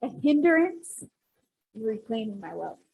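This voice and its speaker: A woman's voice: on the high side, slow pace, creaky, phone-quality sound. A woman academic speaking on a panel, talking with animation and leading the audience through an exercise. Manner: animated, instructive, audience-engaging.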